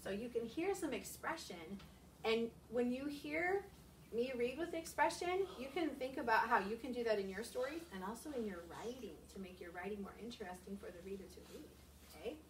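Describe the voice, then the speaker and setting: A woman teaching a class of young children, animated and expressive, asking lots of questions. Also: on the high side, fairly quick, slight background noise. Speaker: elementary school teacher. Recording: echoey classroom, camera far off.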